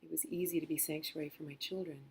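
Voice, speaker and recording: A middle-aged woman telling a personal story in a gentle, reflective way, acting out quotes softly. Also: deep voice, steady tone, fast talker, creaky, slightly rough. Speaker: author and spiritual teacher.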